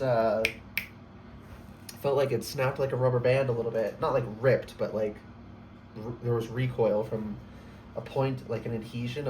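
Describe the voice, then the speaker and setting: A man giving a casual spoken tarot reading, excitable and emotional, gushing and laughing often. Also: mid-range voice, recorded from a distance, background noise. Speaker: tarot reader.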